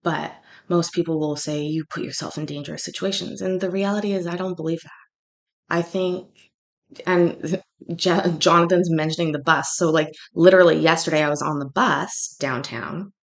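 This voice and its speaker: A woman from Canada tells a long story in casual chat, and her voice sits a little on the low side. She rambles and restarts her sentences often, and she gets animated when she acts out what people said. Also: moderate pace. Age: adult, has a daughter. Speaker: livestream host.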